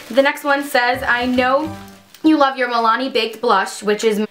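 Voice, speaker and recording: A woman's voice: high voice, measured pace, fairly bright tone, soft background music. A young woman vlogging casually at home, bubbly and gushing, squealing with delight as she talks. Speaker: beauty vlogger. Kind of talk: casual unboxing vlog.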